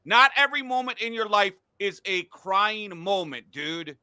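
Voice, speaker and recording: A man's voice: high-pitched, expressive, unhurried, bright, forceful tone, clean tone, dry recording. A middle-aged man hosting a casual sports podcast from a home studio, blunt and profane when he rants. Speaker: podcast host.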